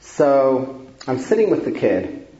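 A man's voice: mid-range voice, very animated, slow, warm tone, highs cut off. A male family therapist telling a story to an audience in a conversational way, with many fillers.

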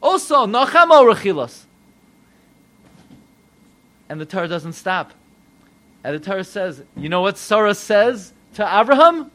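A rabbi preaching a sermon, animated and full of rhetorical questions to his listeners. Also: sits high, unhurried, pauses often.

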